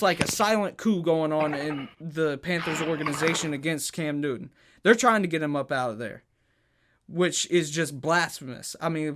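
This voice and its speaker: A man co-hosting a sports podcast in a casual, heated way. His voice sits high for a man, and he stumbles and restarts his sentences as he presses his points. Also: fairly bright tone. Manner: heated and emphatic, stutters and restarts.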